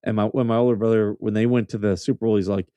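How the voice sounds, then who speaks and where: A man's voice: lowish voice, level tone, fast talker, mellow, no echo. A man hosting a casual news commentary show, blunt and mocking, swearing freely as he reacts to clips. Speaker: host.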